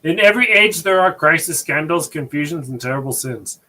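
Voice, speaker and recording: A man doing a mocking impression of a male commentator, reading very slowly and deliberately. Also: a little high, animated, bright, forceful tone, low-quality recording. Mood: mocking solemn. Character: impression of a slow, flat-spoken male commentator.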